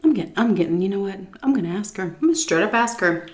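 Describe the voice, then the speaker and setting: A woman food vlogger telling a story while eating, animated, dropping to muttered asides and swearing casually. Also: medium pitch. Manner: pauses for chewing and stomach noises while talking.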